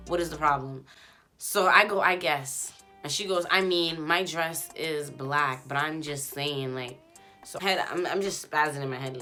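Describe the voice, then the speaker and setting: A woman ranting through a storytime vlog, blunt, emphatic and full of cursing. Her voice is bright and forward, and she acts out both sides of the quarrel she retells. Faint music sits low behind her. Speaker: YouTube host and stylist. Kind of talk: casual storytime rant.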